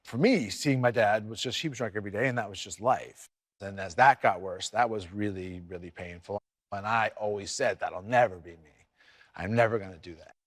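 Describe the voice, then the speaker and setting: Quiet, reflective man, dry close sound. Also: on the low side, normal speed, no echo. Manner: quiet, reflective, fading at painful words. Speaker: interviewee. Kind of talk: reflective interview talk.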